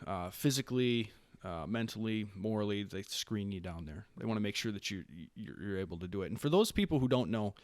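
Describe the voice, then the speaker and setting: Animated storyteller, a man in his late thirties. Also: on the low side, fairly quick, few pauses, dry recording. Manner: animated storyteller who acts out quoted lines, with frequent restarts. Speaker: podcast guest, Marine staff sergeant. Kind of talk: casual storytelling interview.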